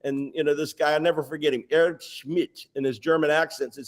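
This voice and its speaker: Man in his 60s, guest on a sales interview, lively anecdotal storyteller. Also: a little high, fairly quick, hardly any pauses. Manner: animated, anecdotal, lists details.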